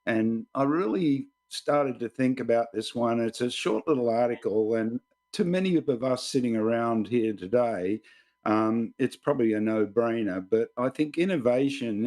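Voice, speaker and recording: A man's voice: mid-range voice, a little mellow. An older man with an Australian accent, a guest columnist answering interview questions in a reflective, explanatory way. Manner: reflective, explanatory, rambling sentences.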